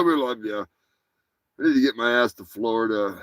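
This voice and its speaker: A man hosting a live comedy stream, rambling and excitable and swearing freely. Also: medium pitch, normal speed, a little hiss or hum. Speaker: host. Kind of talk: casual live-stream chat.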